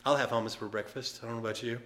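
A male pastor preaching a sermon, telling the story lively and casually, with asides to the congregation. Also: mid-range voice, racing. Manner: animated storytelling with acted voices and asides.

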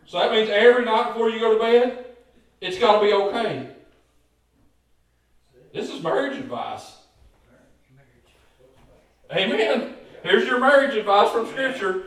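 Folksy pastor in an echoey church. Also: male voice, sits high, sing-song, moderate pace, pauses often, a bit bright. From Kentucky. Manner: folksy, joking, repeats words, calls for amens. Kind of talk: lively preaching sermon. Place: church sanctuary. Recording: very echoey church, voice far from mic.

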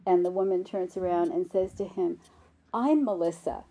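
A woman meditation teacher giving a gentle, unhurried dharma talk, with soft laughs and fillers. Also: lowish voice, completely flat delivery, heavy background noise.

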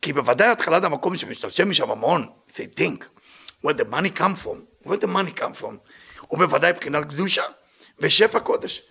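A man giving a religious lecture, telling stories in an animated way and often laughing. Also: fairly high pitch, very fast, gravelly, breathy edge. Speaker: Torah teacher.

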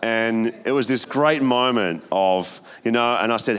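A man, preaching as a pastor, telling a story in a hushed voice that builds to emphatic exhortation. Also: mid-range voice, unhurried, few pauses, smooth. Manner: storytelling, hushed at times, then rising and emphatic. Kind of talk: sermon.

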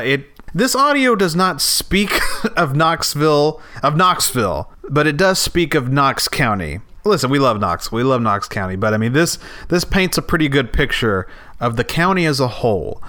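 A man's voice: mid-range voice, lively intonation, normal speed, sharp tone. A man hosting a comedy podcast, introducing bits in a loose, joking way. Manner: ranting, over-the-top. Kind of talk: sketch comedy.

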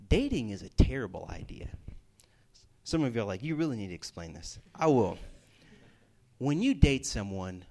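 A man preaching a sermon to a live audience in an animated, emphatic way, repeating his points for stress. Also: lowish voice.

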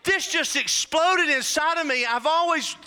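A man preaching a sermon, fervent and humorous, rising to shouted whoops. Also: extremely high pitch, a little slow. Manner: humorous asides to the congregation. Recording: long hall reverb.

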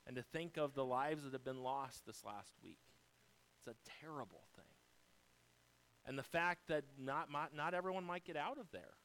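An American man preaches from the pulpit in a middle-pitched voice. He lays out numbered points and talks straight to the congregation. His volume swings from forceful peaks down to soft, low phrases. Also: expressive, normal speed, poor audio. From United States. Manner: dynamic preaching, rising loud then dropping soft; speaks directly to congregation, lists numbered points. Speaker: pastor. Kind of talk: sermon.

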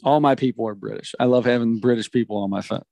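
A man's voice: medium pitch, fairly even intonation, fast, vocal fry, dark tone, dry recording. A man co-hosting a podcast in casual chat, joking and laughing often. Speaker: podcast co-host. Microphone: studio headphones and mic.

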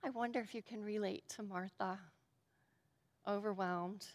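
A woman giving a sermon and a prayer, earnest and shifting between emphatic lines and hushed ones. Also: mid-range voice, fairly even intonation, moderate pace, big-room sound. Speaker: speaker at a devotional.

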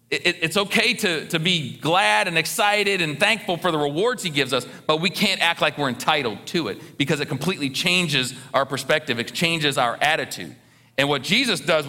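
A man's voice: a little high, bright, forceful tone. A male pastor preaching a sermon earnestly, stumbling over and repeating words as he builds emphasis.

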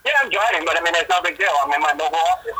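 A man's voice: fairly high pitch, racing, pushed and bright, slight background noise. A man calling in by phone from his truck, playful and joking. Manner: playful, laughing banter. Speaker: caller. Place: in a moving truck. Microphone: phone call.

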